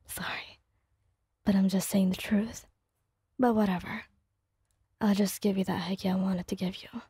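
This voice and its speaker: Whispered role-play, a woman playing a teasing young guy, low breathy whisper, mellow, dry close sound. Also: completely flat delivery, measured pace, no room sound.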